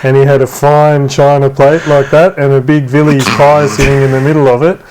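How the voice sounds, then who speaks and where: A man's voice: medium pitch, little pitch movement, a little fast, background noise. An Australian man co-hosting a rugby league show, telling rambling, irreverent stories in casual banter. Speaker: podcast co-host.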